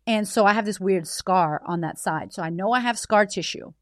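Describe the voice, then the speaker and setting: A woman in her thirties hosting a podcast, telling a personal story in a blunt, animated way with frequent swearing. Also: medium pitch, moderate pace, no room sound, clean studio sound. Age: 30s. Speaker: podcast host. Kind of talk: candid personal storytelling monologue.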